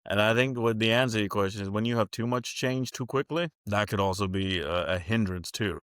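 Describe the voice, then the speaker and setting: A plain-spoken man who leads a school district talks through an interview in a relaxed, folksy way. His voice sits fairly low, and he often slips into quoted back-and-forth exchanges. The sound is dry and close. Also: fast, few pauses, no echo. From California. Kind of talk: casual interview talk.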